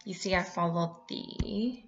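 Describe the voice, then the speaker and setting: Brief: woman teacher, low gravelly voice, patient explaining, lo-fi computer mic. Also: soft background music. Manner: clear and instructive, reads poems aloud, slows down to explain. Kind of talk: remote lesson.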